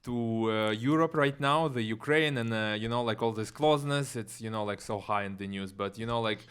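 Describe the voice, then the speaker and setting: A man's voice: medium pitch, quick pace, a bit bright, smooth. A man from Siberia with a Russian accent, a comedian guest chatting casually on a podcast and packing his speech with fillers. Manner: filler-heavy, chatty, laughs often.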